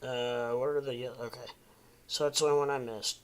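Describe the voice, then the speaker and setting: A man's voice: mid-range voice, fairly even intonation, normal speed, smooth. A man in his forties from the Midwest, rambling casually at home as host of a livestream and answering chat. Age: 40s.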